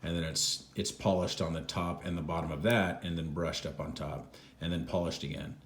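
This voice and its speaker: A man casually reviewing a product on camera, relaxed and rambling with many fillers. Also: deep voice, moderate pace. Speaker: watch reviewer. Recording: echoey room.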